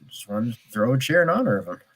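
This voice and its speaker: A man co-hosting a podcast in casual chat, easygoing and quick to laugh. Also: mid-range voice, sing-song, fairly bright tone, slightly rough. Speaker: podcast co-host.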